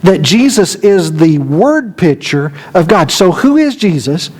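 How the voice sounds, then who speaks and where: A man's voice: high-pitched, unhurried. Folksy middle-aged male preacher. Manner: folksy, animated storyteller. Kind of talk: storytelling sermon.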